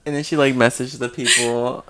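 A young man chatting with friends, excitable, laughing and swearing as he tells stories. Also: mid-range voice, normal speed, noisy background. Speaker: friend in group chat. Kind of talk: casual chat.

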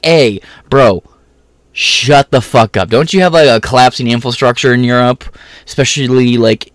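Brief: a sarcastic, foul-mouthed male commentator ranting at mid pitch, dry close-miked sound. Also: dry recording. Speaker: political commentator.

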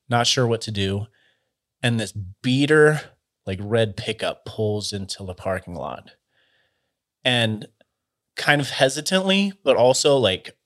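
A man with a somewhat low voice recounts a story in a casual, conversational way. His delivery is loose and halting, packed with filler words and restarts as he works through each moment. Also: a bit bright.

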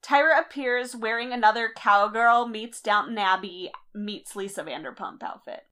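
A woman co-hosting a podcast, chatting casually about a TV show and quoting people in quick asides. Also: a little high, pushed and bright. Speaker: podcast co-host. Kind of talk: casual chat recapping a TV show.

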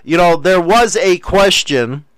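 A man's voice: high voice, expressive, a little slow, no room sound. A man from the United States hosting a stream, reading chat and rambling crudely with lots of fillers and jokes.

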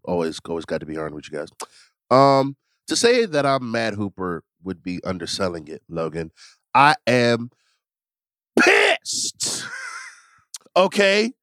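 A man's voice: lowish voice, huge pitch swings, moderate pace, fairly bright tone, no echo. A man, a guest on a sports podcast, delivering an exasperated comedic rant full of rhetorical questions. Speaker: guest ranting about his team.

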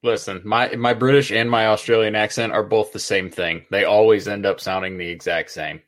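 A man's voice: fairly low pitch, fairly even intonation, moderate pace, a bit bright. A man co-hosting a podcast, joking and running himself down in casual banter. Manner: self-deprecating, joking. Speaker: podcast co-host.

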